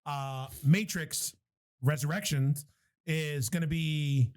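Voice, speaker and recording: A man co-hosting a podcast in casual chat, animated, laughing often and swearing casually. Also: fairly high pitch, slow pace. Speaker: podcast co-host.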